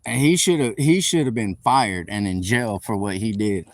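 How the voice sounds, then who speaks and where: A male livestreamer with a fairly low voice, talking at normal speed, delivers a heated, rambling, expletive-filled story as part of a live stream rant. He's recording on a phone out on a city street, and the sound is dry.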